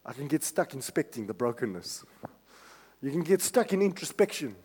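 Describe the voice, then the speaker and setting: A male pastor preaching a sermon, swinging from hushed tones to shouts. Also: fairly high pitch, big pitch swings, moderate pace, slightly rough, big-room sound.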